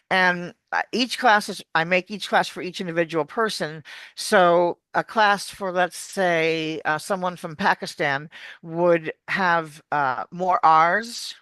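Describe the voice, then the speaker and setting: American lady coach, bright tense voice, super dry sound, acts out the sounds she explains. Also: on the low side, measured pace, no room sound. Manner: animated, demonstrates sounds while explaining. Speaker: accent coach. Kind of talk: explaining on a video call interview.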